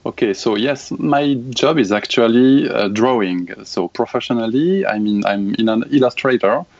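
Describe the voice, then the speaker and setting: A man from France with a French accent, co-hosting a casual podcast, apologetic and quick to laugh. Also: medium pitch, expressive, no room sound, dull audio. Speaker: podcast co-host. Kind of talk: casual chat.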